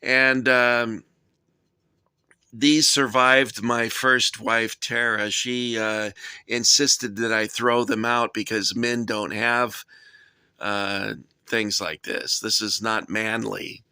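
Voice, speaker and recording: A man's voice: lowish voice, flat delivery, slow, bright, forceful tone, smooth, dry recording, studio quality. A middle-aged man hosting a casual vlog, rambling and self-deprecating as he shows off his toy soldier collection. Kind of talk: casual show-and-tell vlog.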